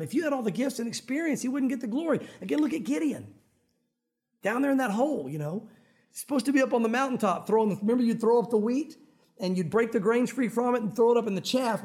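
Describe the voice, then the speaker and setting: High-voiced animated male preacher. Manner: conversational, animated preaching with acted quotes. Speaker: pastor. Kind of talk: sermon.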